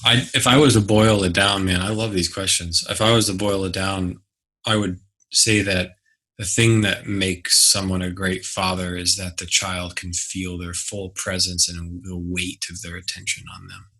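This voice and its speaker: A man's voice: low-pitched, level tone, normal speed, bright, forceful tone. A man being interviewed as a guest, speaking casually and acting out his own reactions when he tells a story. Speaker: guest, business mentor. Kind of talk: conversational interview.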